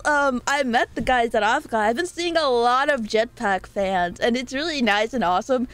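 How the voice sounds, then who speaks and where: A young woman chats on her live stream in a bright, high voice, rambling playfully and reading messages from chat aloud. Faint music plays quietly behind her. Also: animated, moderate pace, clear, resonant tone.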